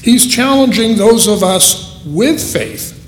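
Slow, high-voiced preacher in an echoey hall. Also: male voice, lively intonation, a little hiss or hum. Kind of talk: sermon.

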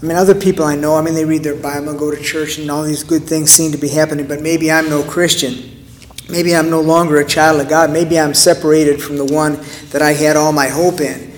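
A man preaching a sermon in an earnest way, with rhetorical questions and dramatic pauses. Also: fairly high pitch, little pitch movement, in a large hall, slight background noise. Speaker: pastor.

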